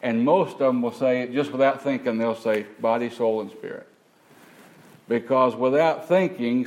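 A man's voice: mid-range voice, darkish tone, rough recording. A man preaching a teaching sermon, asking the congregation rhetorical questions.

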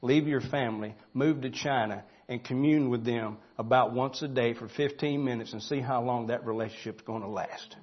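A pastor, preaching a folksy sermon that builds to loud, emphatic shouting. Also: male voice, mid-range voice, moderate pace, hardly any pauses, slightly rough, lo-fi sound.

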